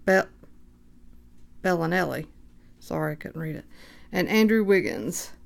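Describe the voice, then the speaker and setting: A woman hosting a card break, calmly reading out player names and getting excited at good pulls. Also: fairly low pitch, vocal fry. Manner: unhurried, reads names aloud, bursts of excitement. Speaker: card shop host opening packs. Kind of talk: casual card-breaking commentary.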